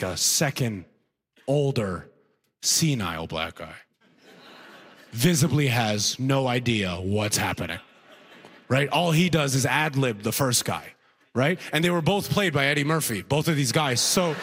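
A man performing a stand-up comedy routine, animated and laughing at his own jokes. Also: medium pitch. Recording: long hall reverb.

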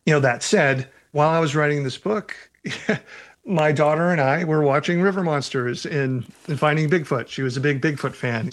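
A man who writes novels reads aloud from his book and answers reader questions in a relaxed way, laughing often. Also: a little high. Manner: relaxed, laughs often, uses fillers such as "you know".

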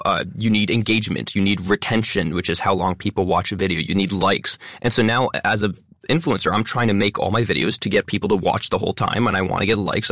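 A man and content creator speaking as a guest in an interview, talking quickly and stressing many words. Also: fairly low pitch, a bit bright, no echo, clean studio sound. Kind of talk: interview conversation.

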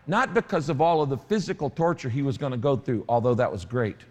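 A man preaching a sermon, emphatic, with dramatic pauses. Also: mid-range voice, lively intonation, darkish tone, in a large hall. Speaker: pastor.

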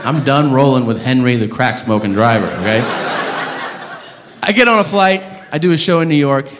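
A man telling a profane stand-up story, with loud outbursts when he acts out the people in it. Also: medium pitch, expressive, moderate pace. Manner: profane storytelling, acting out shouted characters. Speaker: stand-up comedian. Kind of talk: stand-up comedy set. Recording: live club, long reverb and room noise. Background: audience laughter.

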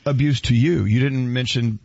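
A man's voice: mid-range voice, normal speed, gravelly, a little mellow, no echo, highs cut off. A man hosting a radio interview who asks probing questions with a playful streak. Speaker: radio host.

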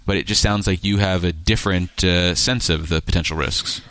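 A man's voice: low-pitched, fairly even intonation, moderate pace, fairly bright tone, clean tone. A man hosting a news interview, pressing his guest with probing, challenging questions. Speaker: radio interviewer.

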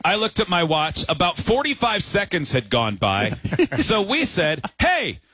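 A man's voice: high voice, measured pace, husky. A man hosting a radio show, telling a story with lots of laughter and acted-out voices. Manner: animated, laughing, acts out voices in his story. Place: radio studio broadcasting live from a restaurant.

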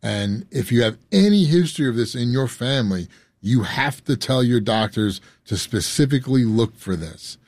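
A man's voice: mid-range voice, animated, moderate pace, darkish tone, no room sound. A man talking as a guest on a radio show, earnest, repeating himself and stumbling over words. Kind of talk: casual conversation.

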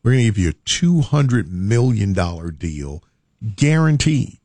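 Brief: man plays a persuasive recruiter pitching a deal, plain voice. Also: very animated, unhurried, a little mellow, no echo, studio quality, exaggerated voice. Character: smooth male business recruiter making an offer.

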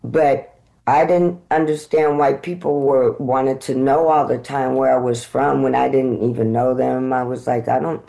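An American woman actor, a guest in an interview, telling lively stories and acting out the dialogue in them. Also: extremely low pitch, unhurried, gravelly, low-quality recording. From United States. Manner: animated, acts out dialogue in her stories. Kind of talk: conversational interview storytelling.

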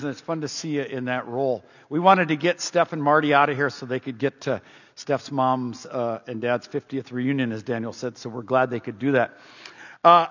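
An older pastor preaches in a high, husky voice. He talks in a folksy, conversational way and leans on emphatic repetition. His voice is recorded dull and lo-fi, with long reverb from a church hall. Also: a bit bright. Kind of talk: sermon. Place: church sanctuary.

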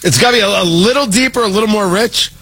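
A man's voice: sits high, fast, sharp tone, slightly rough. A man delivering a sarcastic, exasperated political opinion monologue as a commentator.

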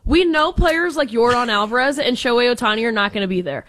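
A woman's voice: on the high side, fast, a bit bright. A woman co-hosting a sports radio show, casual and opinionated in her talk. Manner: opinionated, emphatic.

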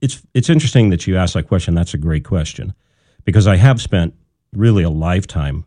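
A middle-aged man with a very low voice, talking as a guest on a radio show. His tone is mellow and warm, and he thinks aloud, circling back with fillers and small restarts. The sound is dry and close. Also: expressive, brisk, dry recording. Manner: thoughtful, loose with restarts and fillers. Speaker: guest, communication researcher. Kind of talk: casual radio interview.

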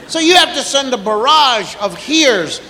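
A man performing a stand-up routine before a live audience, acting out parents and children with rapid repeated phrases. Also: extremely high pitch, big pitch swings, sharp tone, slight background noise. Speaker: stand-up comedian. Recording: echoey hall with audience.

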